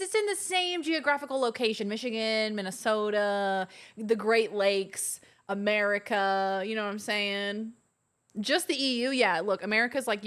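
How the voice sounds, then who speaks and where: A woman's voice: mid-range voice, a bit bright. A young woman casually joking and swearing while streaming a game. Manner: joking, profane, rambling.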